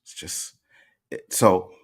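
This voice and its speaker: A Canadian man with some Jamaican slang, hosting a livestream and emphatically arguing back at his chat, repeating his points. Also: slow. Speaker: host. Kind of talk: livestream commentary reacting to chat.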